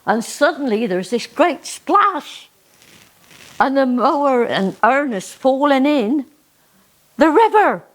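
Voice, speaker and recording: A woman with a Cornish accent telling a comic dialect tale in a slow, folksy, deliberate way. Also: high voice, sing-song. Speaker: dialect storyteller. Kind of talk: live comic storytelling.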